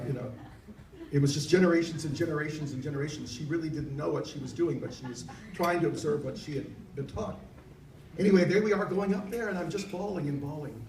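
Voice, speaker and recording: A man's voice: on the high side, darkish tone, slight background noise. A middle-aged man, a reverend, giving an earnest, heartfelt personal testimony at a dinner. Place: banquet hall. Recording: echoey hall, mic far off.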